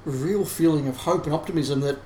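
A podcast co-host, male, discusses things casually but analytically, frequently starting his sentences over. His voice is slightly high, brisk and mellow, and the recording has a roomy feel with a faint hiss beneath it.

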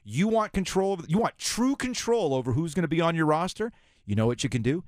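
A man's voice: on the high side, expressive, a little fast, dry recording, studio quality. A man hosting sports talk radio, ranting sarcastically. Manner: sarcastic, ranting, mocking voices of officials.

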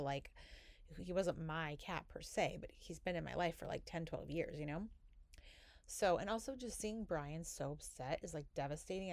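A woman's voice: low voice, a little mellow, no room sound. A woman in her thirties, a podcast host, telling a personal story in an emotional way, full of fillers and restarts.

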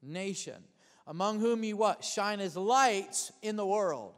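A man preaching a sermon in a high, bright voice that rings through a hall with a long reverb tail. He keeps calling for amens and repeats key words, sometimes rushing ahead and sometimes drawing lines out slowly. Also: animated, clean tone. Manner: preaching with call-and-response, repeating phrases; shifts between fast bursts and slow emphatic lines. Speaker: pastor.

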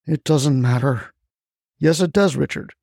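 A man's voice: a little high, a little slow, vocal fry, a little mellow, dry recording, clean studio sound. A man doing a blunt, tough federal agent. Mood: stern.

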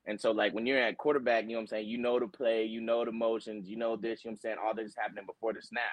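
A man's voice: lowish voice, racing, no echo, poor audio. A young man from Tennessee, a college linebacker, talking casually in an interview with many fillers. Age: young adult. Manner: relaxed, rambling with many fillers.

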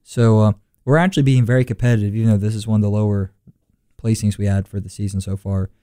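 A young man fills in as co-host and reports college golf results. His voice is mellow and a little dark, and his delivery is relaxed, with many fillers. The recording is dry and close. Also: lowish voice, fast, clean tone, dry recording. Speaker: stand-in co-host. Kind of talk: casual sports results rundown.

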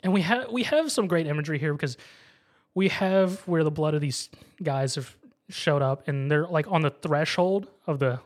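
A man's voice: fairly high pitch, moderate pace. A man casually recapping an anime episode, acting out the characters' lines as he goes. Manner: animated storytelling, acts out characters' lines. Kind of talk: casual chat.

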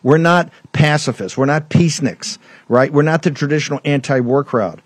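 A man's voice: on the high side, normal speed, dry recording. Combative man ranting on a talk show. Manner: emphatic, combative, rambling with restarts. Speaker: show host. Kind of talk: political talk show rant.

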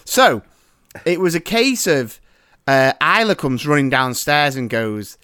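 A man in his thirties tells an animated anecdote as a podcast host, his voice sitting a bit high for a man. The sound is dry and close, with hardly any room around it. He talks in a lively, conversational way. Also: a little slow, clean tone, dry recording. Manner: animated storyteller. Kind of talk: casual chat. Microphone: remote call.

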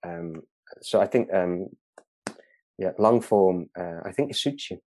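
A man's voice: deep voice, expressive, a little slow, warm tone. A man from England in casual conversation, talking in a hesitant way with many fillers and restarts, laughing often. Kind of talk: casual chat.

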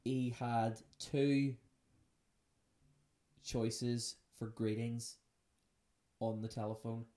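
A woman with an extremely low voice and a dark, mellow tone, hosting a loose podcast chat. She jokes around, spins playful what-if stories and answers listener questions with a teasing edge. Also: fairly even intonation, extremely slow, pauses often. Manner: playful, joking, storytelling. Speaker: podcast host. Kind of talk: casual unscripted chat.

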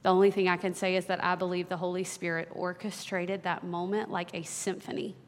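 A woman in her thirties, a worship leader, telling a personal story in a sermon with earnest warmth and small laughs. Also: on the low side, little pitch movement, brisk, slight background noise. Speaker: worship leader giving a talk. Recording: long hall reverb.

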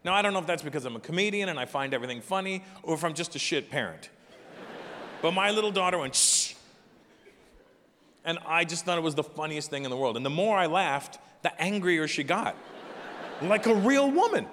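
A middle-aged man doing stand-up comedy on a live stage, talking with the audience in an animated, profane, chatty way. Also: a little high, fast, a little hiss or hum. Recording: live hall with long reverb, faint ambience.

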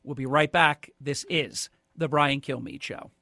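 A man's voice: a little high, steady tone, measured pace, vocal fry, bright, forceful tone, slight background noise. A man filling in as a radio talk show host, giving emphatic, opinionated commentary and speaking straight to callers.

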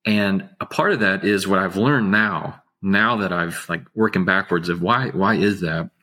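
A man with a very deep, slightly husky voice speaks slowly and evenly. His delivery is measured and soothing, with an unhurried calm. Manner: slow, measured, unhurried speech. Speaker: guest, attorney. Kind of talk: casual interview talk.

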